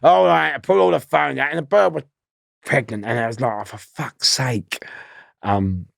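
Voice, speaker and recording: Podcast guest, London man, gravelly and lowish, animated yarn-spinner who does the voices, dry sound. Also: normal speed, no room sound. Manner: animated storyteller who acts out voices and laughs often. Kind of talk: storytelling in a podcast interview.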